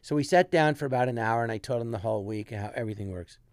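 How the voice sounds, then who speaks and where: A man's voice: medium pitch, rapid-fire, no room sound, clean studio sound. A man telling a rambling comic anecdote as a guest, with frequent restarts. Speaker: guest comedian. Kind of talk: casual storytelling.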